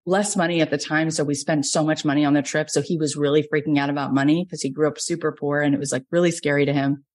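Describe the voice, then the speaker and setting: A woman in her forties from Florida, a business coach telling personal stories in a lively podcast talk. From Florida, USA. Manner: lively storytelling, jumps up in pitch for quoted dialogue.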